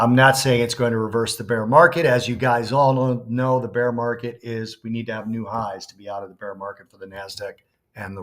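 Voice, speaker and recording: A man's voice: lowish voice, a bit bright. Playful man talking market analysis. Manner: playful, teasing, then analytical. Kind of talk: casual market chat.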